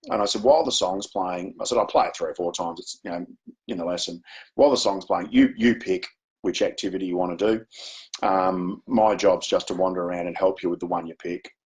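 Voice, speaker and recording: A man's voice: deep voice, fairly even intonation, fairly quick, poor audio. A man presenting a webinar, telling a classroom story in a chatty way with many fillers. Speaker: education presenter.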